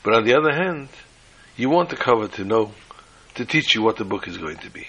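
A man teaching a sermon-style lesson and telling a joke along the way. His voice is gravelly and bright, with a husky edge. He restarts his phrases often and mixes in Hebrew and Yiddish words. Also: medium pitch, expressive, fairly quick, highs cut off.

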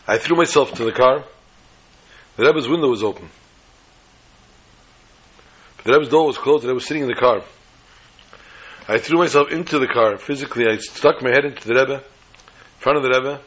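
A man teaching a Torah class, telling a story with acted-out quotes and Hebrew terms in a husky voice. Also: medium pitch, fairly quick, pauses often, a bit bright.

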